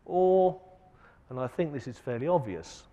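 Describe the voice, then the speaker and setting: A man giving a conference lecture, asking the audience rhetorical questions with an emphatic delivery that swings between loud and soft. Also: mid-range voice, lively intonation, a little slow, dull audio. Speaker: keynote speaker. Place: large conference hall. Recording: long hall reverb.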